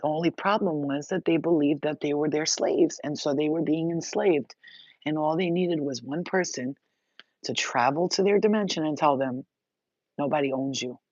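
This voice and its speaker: A woman's voice: deep voice, normal speed, a little mellow, dry recording. A woman giving a spiritual message monologue, intense and blunt, swearing freely as she talks. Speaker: spiritual reader. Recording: dull, dry lo-fi sound.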